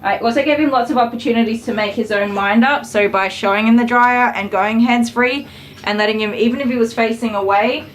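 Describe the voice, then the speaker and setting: A woman's voice: on the high side, a little fast, echoey room, recorded from a distance, a little hiss or hum, low-quality recording. A woman dog groomer with a cold, chatting through her work on a live stream and cooing to the dog now and then. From Australia. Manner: chatty, explains as she works, coos to the dog. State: has a cold, short of breath. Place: grooming salon.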